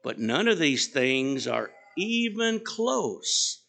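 A man's voice: a little high, big pitch swings, slow pace, vocal fry, sharp tone. A middle-aged male pastor delivering an emphatic sermon with rhetorical questions and phrase endings that trail off.

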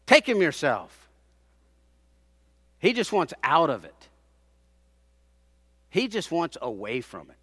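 A man preaching a sermon, dramatically acting out the people he quotes, rising to loud peaks and dropping to hushed tones. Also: very animated, a little slow, long pauses, husky, no echo. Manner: dramatic, acts out quoted speakers with big swings in loudness; drops to hushed low tones for emphasis.

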